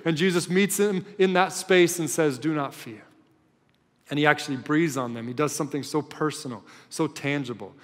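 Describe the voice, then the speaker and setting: A male pastor preaching a sermon in a storytelling way, swinging between loud and hushed. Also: fairly high pitch, brisk, few pauses, big-room sound.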